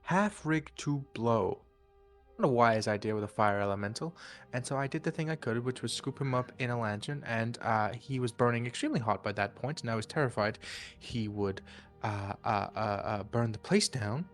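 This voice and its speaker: A man's voice: mid-range voice, fairly quick, faint music behind. A man playing his character in a tabletop game, talking in a flustered, rambling way with many fillers. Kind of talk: in-character tabletop role-play.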